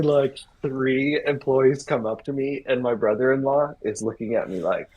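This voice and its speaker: A husky man in his thirties, an interview guest telling a rambling story and acting out the people in it. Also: medium pitch, normal speed, few pauses, rough recording. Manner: rambling, animated retelling with acted-out quotes.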